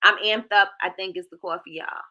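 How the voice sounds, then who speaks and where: Chatty bright-voiced woman livestream host. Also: medium pitch, a little fast, dull audio. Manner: chatty, reads viewer comments aloud, lively. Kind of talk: casual livestream chat.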